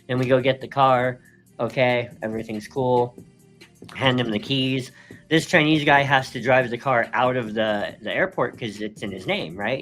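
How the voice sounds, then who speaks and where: A man's voice: mid-range voice, fairly bright tone. A man co-hosting a live stream, telling a story casually and animatedly, laughing between phrases and leaning on fillers. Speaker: co-host.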